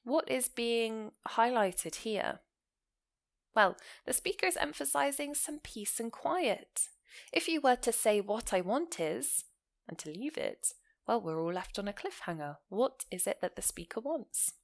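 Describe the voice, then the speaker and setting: Woman explaining grammar with lively emphasis. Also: on the high side, measured pace, creaky. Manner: explanatory, stressing key words with lively rises and falls. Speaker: English teacher. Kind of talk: grammar lesson.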